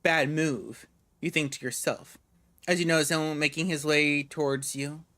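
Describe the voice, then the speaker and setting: Bright-voiced man reading game text. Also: a little high, little pitch movement, moderate pace, no room sound. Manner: stumbles and restarts words while reading. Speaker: gamer reading a visual novel aloud. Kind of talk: casual read-aloud game narration.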